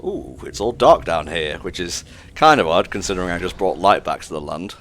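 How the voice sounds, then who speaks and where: A man's voice: low voice, sing-song, a little fast, fairly bright tone, soft background music. A young man playing a video game and chatting casually, with dry, jokey asides. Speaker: gamer playing through the game. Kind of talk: casual let's play commentary.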